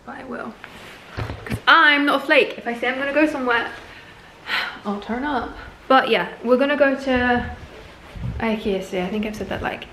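A young woman in her twenties, chatting excitedly to camera in a casual vlog recorded at home. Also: a little high. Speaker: lifestyle vlogger. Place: indoors at home. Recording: echoey room with background music.

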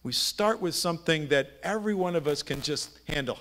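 A man's voice: a little high, brisk, few pauses, a bit bright. A middle-aged man, a pastor, preaching a sermon in a conversational storytelling way, asking his listeners rhetorical questions. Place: church sanctuary.

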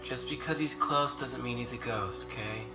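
A man voicing a dreamy, odd young hero who rambles deadpan nonsense. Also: mid-range voice, moderate pace, lightly acted. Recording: echoey, distant audio with loud music.

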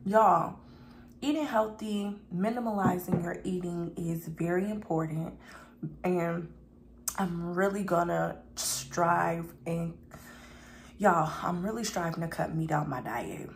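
A woman's voice: lowish voice, slow, slight background noise. A young woman vlogger chatting casually to her viewers while eating a meal, addressing them as y'all and burping now and then between bites. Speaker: mukbang vlogger.

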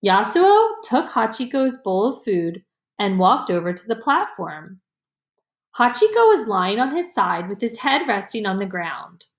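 Slow, lively-pitched woman reading a story. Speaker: audiobook reader. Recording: roomy echo.

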